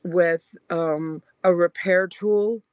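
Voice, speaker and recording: A woman's voice: fairly even intonation, extremely slow, a little mellow, clear, resonant tone, no room sound. A middle-aged woman selling jewelry on a live stream, chatting casually and telling a personal story between items. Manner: chatty storyteller, voice rising high when quoting.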